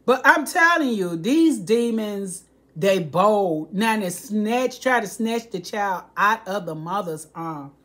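A woman's voice: medium pitch, expressive, slow, a bit bright. An older woman, vlogging an earnest warning to her viewers, pleading and preachy and often repeating herself. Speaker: home cooking vlogger.

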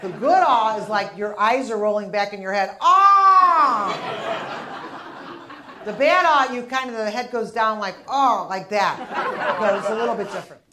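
A woman's voice: mid-range voice, a little fast, noisy background. A woman in her fifties doing a punchy stand-up comedy routine in a comedy club, working the crowd. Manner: brash, punchy delivery with crowd work. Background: audience laughter.

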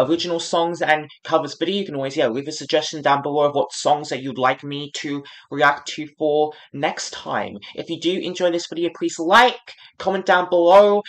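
A woman hosting a reaction channel, talking in an excitable, casual way with lots of swearing and filler words. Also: low voice. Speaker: YouTube reaction channel host.

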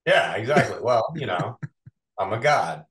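A man, a voice actor being interviewed, chatting in a quick, animated, self-mocking way. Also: on the low side. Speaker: voice actor guest. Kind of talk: casual interview chat. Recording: roomy echo.

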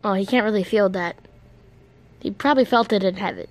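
A woman voicing a dramatic, excitable young princess who bursts out shrilly and rambles to herself. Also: mid-range voice, fairly quick, close to an everyday voice.

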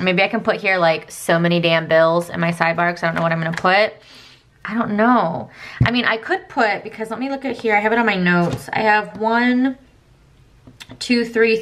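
Chatty rambling woman with a bright voice. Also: mid-range voice, slight background noise. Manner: chatty, rambling, many fillers and self-asides. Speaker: planner vlogger. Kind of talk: casual chat while planning.

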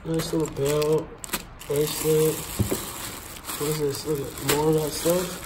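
A man's voice: a little high, level tone, slow, background noise. A man hosting a casual vlog as he goes through storage unit finds, talking in a joking, teasing way. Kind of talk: casual chat.

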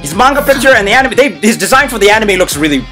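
Male reaction host, excitable and chatty, high-pitched with big swings in pitch. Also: racing, over music. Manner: excitable, exclaims often, many fillers. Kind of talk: live reaction commentary.

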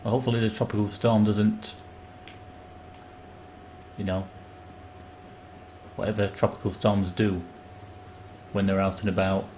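English man, game streamer, chatty, self-mocking, lowish voice, faint background hum. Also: flat delivery, unhurried, long pauses. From England. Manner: chatty, self-mocking, bursts into loud outbursts. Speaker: gaming streamer. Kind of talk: live gameplay commentary.

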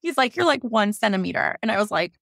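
A woman in her thirties telling her own story in a casual, animated way, quoting herself and others and laughing often. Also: a little high, quick pace, vocal fry, no room sound, studio quality. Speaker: podcast guest telling her birth story.

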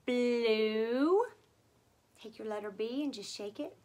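A woman teaches little children in a soft, unhurried voice that often falls to a whisper. Her pitch sits a little high and her pace is slow and patient. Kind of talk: gentle teaching for toddlers.

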